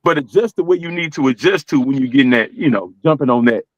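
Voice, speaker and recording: A man's voice: medium pitch, animated, quick pace, no room sound, dull audio. A middle-aged man with a Southern US accent, giving earnest, streetwise advice in casual podcast talk. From American South. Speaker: podcast co-host.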